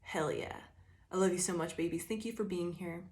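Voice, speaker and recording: A woman with a slightly low voice reads tarot for her viewers in a loose, casual way. She drawls through plenty of fillers and swears freely as she talks. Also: normal speed, a little mellow. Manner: laid-back, profane, drawling with fillers. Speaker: tarot reader. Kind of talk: casual channeled tarot reading.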